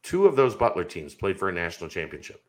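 A man's voice: deep voice, sing-song, fast talker. A man co-hosting a sports podcast, making his case emphatically in casual debate and rambling into stories. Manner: emphatic, insistent, rambling storyteller.

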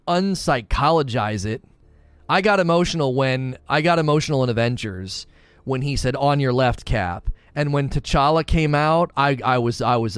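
A man's voice: medium pitch, no room sound. A man chatting casually and earnestly, often repeating himself as he talks about what moves him. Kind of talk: casual chat.

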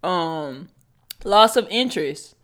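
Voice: mid-range voice, expressive, slow pace, fairly bright tone. Candid, casual podcast co-host. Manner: candid, profane, storytelling. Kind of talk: casual chat.

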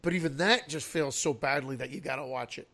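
A man co-hosting a podcast, joking in animated casual chat. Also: medium pitch, fairly quick, creaky. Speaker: podcast co-host.

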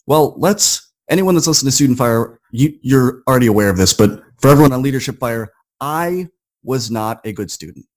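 A man's voice: medium pitch, animated, a little fast. A man, a podcast guest, telling a personal story and acting out his quoted inner talk with rising emphasis.

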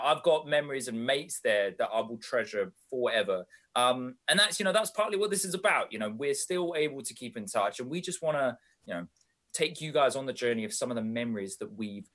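Young guy, podcast co-host, lively and chatty. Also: mid-range voice, a little fast. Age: young adult. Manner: animated, chatty British slang. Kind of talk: casual chat.

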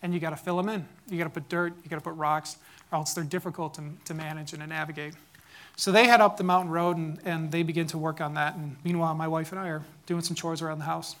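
A man's voice: a little high, fairly even intonation, fast. Man telling a tense personal story. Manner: grows loud and urgent as the story builds.

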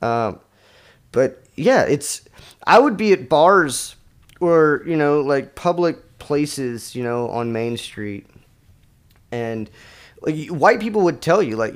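A man's voice: a little high, lively intonation. Casual man reading history notes on a podcast. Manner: halting, many fillers and restarts, reads notes aloud. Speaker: podcast co-host.

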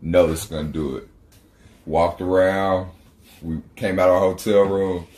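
A man from Texas, low-voiced and full of slang, tells a story on a casual podcast. He laughs his way through it in an echoey room. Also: steady tone, moderate pace, a little mellow. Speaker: podcast co-host. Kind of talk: casual chat.

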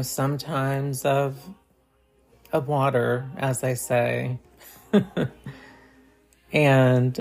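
A woman vlogger giving a heartfelt, halting holiday message to her viewers, with many pauses and fillers. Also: extremely low pitch, creaky, a little mellow. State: choked up.

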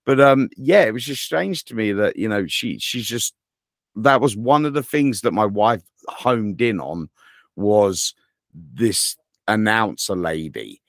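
A man's voice: fairly low pitch, measured pace, no echo, studio quality. A man co-hosting a podcast, telling rambling, profane stories in casual chat. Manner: animated, rambling and profane storyteller. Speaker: podcast co-host.

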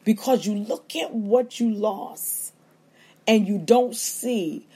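Fervent woman preaching, husky voice. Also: mid-range voice, warm tone. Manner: fervent, call-and-response preaching with quick acted-out asides. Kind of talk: sermon. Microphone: livestream feed.

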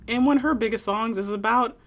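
A woman's voice: a little high, moderate pace. An American woman co-hosting a podcast, chatting casually, laughing often and teasing. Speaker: podcast co-host. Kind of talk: casual chat.

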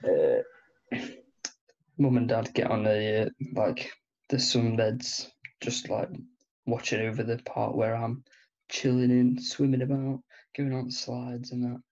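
Young British guy, slow and hesitant, husky, on a dull lo-fi recording. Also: medium pitch, darkish tone. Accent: British English. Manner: laid-back, hesitant, with many fillers. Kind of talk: casual storytelling chat. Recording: dull lo-fi sound.

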